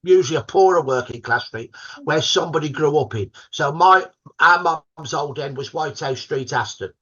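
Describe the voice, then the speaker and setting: A man's voice: on the high side, moderate pace, pushed and bright, breathy edge, highs cut off. An older man with a Birmingham accent, telling stories as a guest in a podcast interview, proud and fond of local dialect words. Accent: Birmingham (Brummie). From Birmingham, England. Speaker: guest historian.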